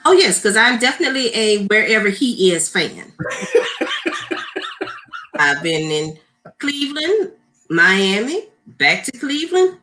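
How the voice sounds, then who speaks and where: Slow, bright-voiced woman. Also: on the high side, big pitch swings. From Louisiana. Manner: slow, cheerful, laughs easily. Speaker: school principal, guest. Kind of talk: casual interview.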